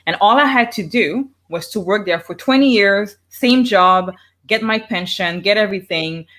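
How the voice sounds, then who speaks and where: A woman's voice: mid-range voice, moderate pace, fairly bright tone. A woman in her thirties from Canada, talking as an entrepreneur guest on a video call, enthusiastic and keeps asking "right?".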